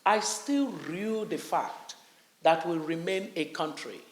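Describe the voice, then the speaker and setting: A woman's voice: fairly low pitch, slow pace, a little hiss or hum. A Nigerian woman speaking on stage at a conference, passionately, acting out the voices of different groups. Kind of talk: on-stage conversation. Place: conference hall. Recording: echoey conference hall.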